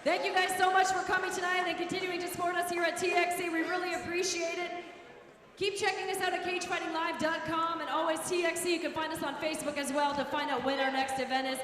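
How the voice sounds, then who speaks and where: Woman announcer booming through an arena. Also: little pitch movement. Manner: loud, drawn-out, hyped announcements. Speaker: ring announcer and interviewer. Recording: echoey arena with crowd noise.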